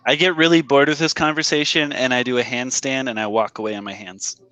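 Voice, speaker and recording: A man playing a tabletop game, describing his character's actions in a deadpan way. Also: medium pitch, a little fast, no room sound. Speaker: player. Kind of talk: tabletop role-play.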